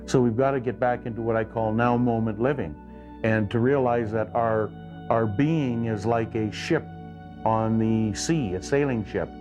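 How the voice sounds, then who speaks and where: A man calmly explaining ideas about choice and responsibility in a measured, lecturing way. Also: mid-range voice, highs cut off, over music. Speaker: clinic therapist. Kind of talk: calm explanatory talk.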